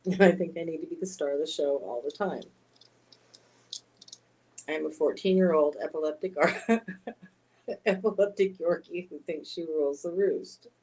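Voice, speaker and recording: A woman's voice: sits low, moderate pace, long pauses, darkish tone, poor audio. A woman speaking as a spoiled bossy old Yorkie. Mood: playfully bossy. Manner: bratty, self-important, teasing. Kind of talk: live-stream chat.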